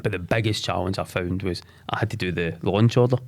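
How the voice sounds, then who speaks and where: A fairly low-voiced man in his forties tells his life story on a podcast. He speaks candidly and haltingly, stumbling over repeated words and restarting his sentences as he goes. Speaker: podcast guest.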